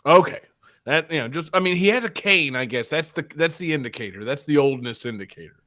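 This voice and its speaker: Bright-voiced joking podcast host, a man. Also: fairly high pitch, lively intonation, fairly quick, no room sound, studio quality. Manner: joking, loose, swears freely. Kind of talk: casual chat.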